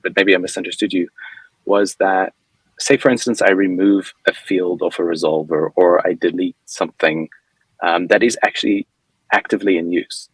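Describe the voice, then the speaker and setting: A man's voice: sits low, husky, dry recording, low-quality recording. A man on a panel asking a tentative technical question.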